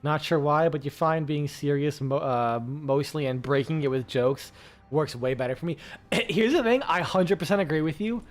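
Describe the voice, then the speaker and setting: A man's voice: a little high, moderate pace. A man chatting casually with his stream viewers, rambling, full of fillers and swearing freely.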